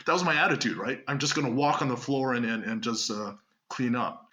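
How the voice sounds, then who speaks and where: A man from Canada, chatting as a guest in an interview and spinning animated stories full of asides. His voice is very bright, with a middle pitch. He laughs easily between points. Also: brisk. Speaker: guest magician. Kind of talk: casual interview storytelling.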